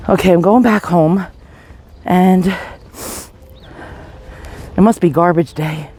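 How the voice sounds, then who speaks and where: Panicky, breathless, coughing, shaky pleading, outdoor phone vlog, mid pitch. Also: very slow, pauses often, a little mellow, a little hiss or hum. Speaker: vlogger. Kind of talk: confessional vlog filmed while walking. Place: outdoors on a residential street.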